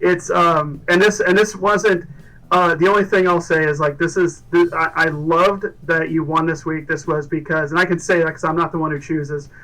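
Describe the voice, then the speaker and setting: A man's voice: fairly high pitch, steady tone, moderate pace, pushed and bright, recorded from a distance, low-quality recording. A man hosting a casual livestream, upbeat and rambling, with lots of fillers and restarts. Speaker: livestream host.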